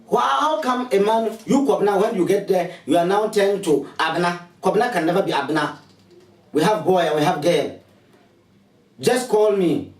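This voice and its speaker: A man with a Ghanaian accent makes a preachy, repetitive sales appeal, coaxing and urging his listeners over and over. His voice sits high for a man. He sounds set back from the mic in an echoing room. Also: moderate pace, recorded from a distance. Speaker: spiritualist advertising his services. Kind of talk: promotional appeal to viewers.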